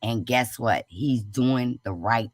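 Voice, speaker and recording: A woman's voice: very deep voice, takes it slowly, husky, no room sound, clean studio sound. A woman speaking fervently as a guest on a live stream, repeating her points like testimony. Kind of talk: casual live-stream chat.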